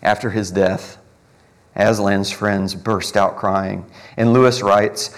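A man preaching a morning sermon as pastor, earnest, building up emphasis and then slowing and softening on key words. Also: on the low side, steady tone.

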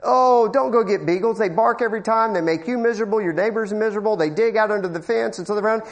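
A man's voice: sits high, fast talker. A middle-aged man preaching a sermon, telling a folksy personal story and acting out the people in it. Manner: folksy storytelling with acted-out quotes and asides.

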